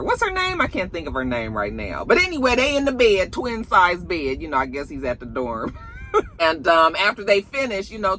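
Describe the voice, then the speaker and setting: A woman casually recapping a TV episode in an animated, colloquial way, laughing often. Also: lowish voice, a little hiss or hum. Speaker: TV episode reviewer.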